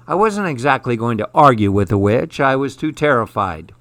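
Storybook narrator, man, steady reading, mid pitch, dry close sound. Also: normal speed, few pauses, no room sound.

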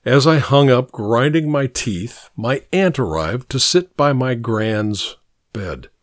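A man's voice: medium pitch, expressive, takes it slowly, dry recording. A man narrating a first-person story in a dry, wry way.

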